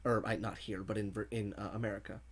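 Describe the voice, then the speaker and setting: A man's voice: lowish voice, flat delivery, fast talker. Chatty male gaming streamer. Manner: chatty, reads viewer messages aloud and laughs often. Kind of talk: casual livestream commentary.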